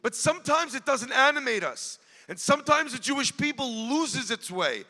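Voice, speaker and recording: A man, giving an emotional sermon as a rabbi and telling a story to the crowd, swelling and dropping to a hush. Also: very high-pitched, big pitch swings, normal speed. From United States (New Jersey). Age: 40s. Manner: earnest, addresses the crowd directly, swells and drops to a hush. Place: large event hall. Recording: long hall reverb.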